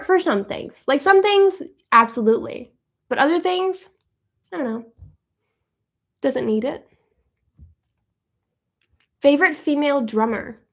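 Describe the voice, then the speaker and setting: Woman, live-stream host, casual viewer Q&A, chatty, fairly high voice. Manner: chatty and upbeat, thinking aloud.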